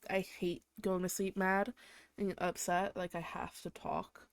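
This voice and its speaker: A young woman from England vents in a low voice, recorded close and dry with no room around her. She talks in a loose, exasperated ramble, swearing freely and leaning on "like" in nearly every sentence. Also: level tone, measured pace, dry recording. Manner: exasperated, swears a lot, heavy use of "like". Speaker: podcast host. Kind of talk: casual ranting monologue.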